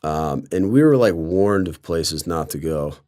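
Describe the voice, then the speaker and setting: A man's voice: low voice, animated, unhurried, darkish tone. A young man from Colorado casually telling a rambling story, full of fillers and sarcasm. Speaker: guest storyteller.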